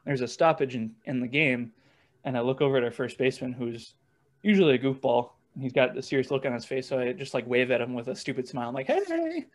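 A young man, a former baseball catcher, telling stories in a relaxed, rambling way with lots of fillers and restarts. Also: medium pitch, quick pace. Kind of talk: casual storytelling interview.

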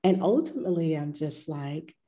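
A woman's voice: low-pitched, lively intonation, normal speed, warm tone. A middle-aged woman who teaches yoga, talking in a reflective, storytelling way and acting out her past self. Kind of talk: casual conversation.

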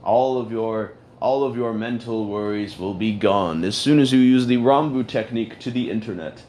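A man's voice: on the low side, normal speed, darkish tone, slight background noise. A man hosting a casual audio chat, rambling in an ironic, self-mocking way. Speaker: host of an audio chat room.

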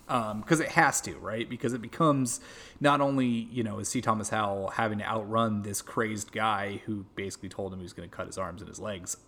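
A man co-hosting a film podcast, chatting casually and agreeably, sometimes halting mid-thought. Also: lowish voice, a bit bright. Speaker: podcast co-host.

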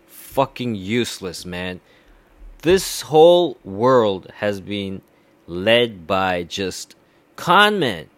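A man's voice: mid-range voice, very animated, slow, dry recording. A man from India giving a heated, profane political rant, swearing often and repeating himself. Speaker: commentator.

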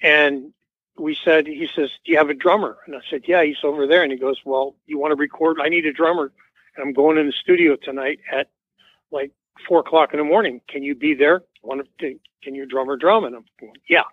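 A man's fairly high, steady voice comes through brisk and without echo, over a tinny, dry phone line. As a musician guest in an interview, he tells a rambling, casual anecdote, voicing the dialogue he quotes.

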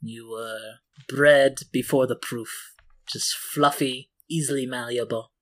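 A game master voicing a poised, cutting older French mother, speaking softly and slowly in a tabletop game. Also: mid-range voice, steady tone. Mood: tender, proud.

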